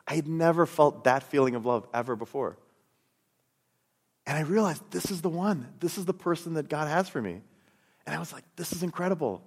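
Earnest and storytelling, this middle-aged man teaches and recounts his own faith testimony as a Christian speaker, repeating words frequently. His voice runs a little high, animated and a little fast, with slight background noise and long hall reverb on the recording.

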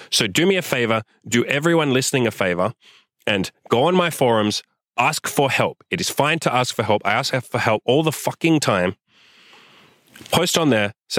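A man's voice: mid-range voice, expressive, normal speed, no room sound, studio quality. Blunt, swearing man ranting to camera. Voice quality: swears a lot, forceful and direct. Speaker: host. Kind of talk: blunt motivational rant. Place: outdoors in sunlight.

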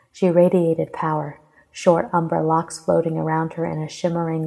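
Low, gravelly woman reading a story. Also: mellow, rough recording. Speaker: fan fiction reader. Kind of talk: reading a romantic fantasy fan fiction aloud.

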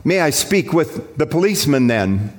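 A man's voice: on the high side, sing-song, moderate pace. A man voicing an impatient company boss who fires off pressing questions.

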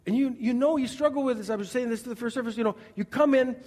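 Animated preacher in a big hall. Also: male voice, very high-pitched, fast talker. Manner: animated, acts out scenes, swings from loud to quiet. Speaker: pastor. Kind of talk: sermon. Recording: long reverb of a large hall.

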